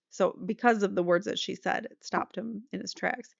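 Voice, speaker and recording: A woman's voice: medium pitch, fairly even intonation, moderate pace, gravelly, hardly any pauses, no echo. A woman host reading trial transcripts aloud and adding blunt, opinionated asides. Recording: slightly muffled dry recording.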